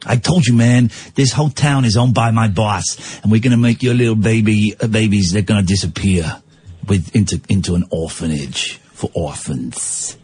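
A man playing a menacing male gangster henchman in a comic radio bit, talking low and slow with a sneer. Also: a little mellow, husky. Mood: threatening. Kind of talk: comic improvised role-play on radio.

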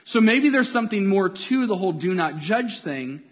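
A man preaching a sermon, animated and playful, acting out scenes in comic voices. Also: high voice, moderate pace, in a large hall. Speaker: pastor.

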